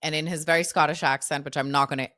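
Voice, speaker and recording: A woman's voice: deep voice, fast, no room sound, clean studio sound. A woman in her thirties, a podcast guest, telling stories from her past and acting out quotes from herself and others. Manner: animated, quotes herself and others in lively voices. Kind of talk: casual storytelling interview.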